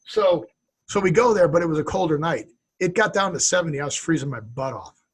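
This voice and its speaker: Husky-voiced rambling male co-host. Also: fairly high pitch, lively intonation, brisk. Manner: rambling, jokey, derails. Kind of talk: casual podcast chat.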